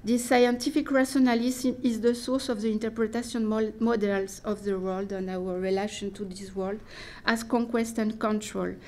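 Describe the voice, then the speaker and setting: Woman reading out a dense academic paper, slightly high voice, careful and slow, restarts here and there. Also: steady tone, a little mellow. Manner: careful, deliberate delivery with restarts and hesitations. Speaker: academic speaker. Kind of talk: reading a prepared academic talk.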